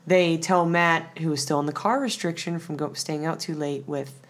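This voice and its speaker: A woman's voice: sits low, steady tone, normal speed. A woman co-hosting a podcast, recapping an episode in casual, rambling chat with lots of filler words. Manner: chatty, rambling, many "like" fillers. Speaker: podcast co-host.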